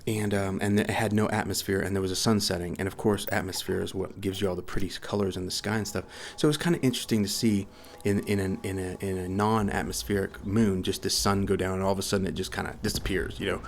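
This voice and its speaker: A man's voice: sits low, fairly even intonation, fast talker, gravelly, a little hiss or hum. A man from the United States chatting casually about a game he loves, rambling and repeating himself, short on sleep. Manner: rambling, repeats words, says okay a lot. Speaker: gaming YouTuber. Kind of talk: casual rambling video chat.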